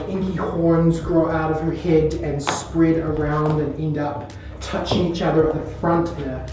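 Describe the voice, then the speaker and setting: A woman's voice: sits low, warm tone, a little hiss or hum. Woman game master, descriptive narration, distant echoey room.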